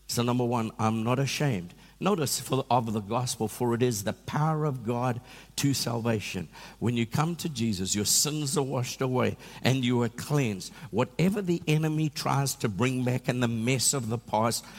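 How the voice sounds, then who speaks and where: A man preaching a sermon in a church, telling animated, self-mocking stories. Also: mid-range voice, normal speed, big-room sound. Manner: animated storytelling with self-deprecating humor. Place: church hall.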